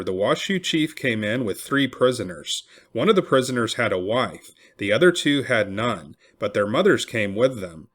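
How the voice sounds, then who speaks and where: A man reads a historical first-person account aloud at a middling pitch. His delivery swings widely in pitch, and he lifts his voice when quoted people cry out. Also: slightly rough. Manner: expressive, raising the voice for cried-out quotes. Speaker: reader. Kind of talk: reading a historical memoir aloud.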